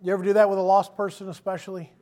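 A man preaching a sermon in a conversational, animated way, acting out quotes as he goes. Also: high voice, racing.

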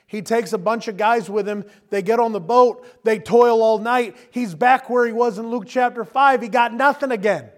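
A man's voice: very high voice, moderate pace, few pauses. A man preaching a sermon in a casual, conversational way, often chuckling and acting out the people he quotes. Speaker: pastor.

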